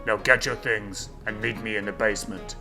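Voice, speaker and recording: A man voicing a stern, commanding mentor in a low, grave tone. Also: steady tone, a little fast, music in the background, natural voice.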